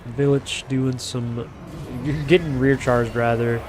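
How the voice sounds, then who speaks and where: A game caster gives casual, rambling live commentary on a strategy video game, full of fillers and self-corrections. His voice is mid-range and slow, with fairly even intonation, and background noise is audible.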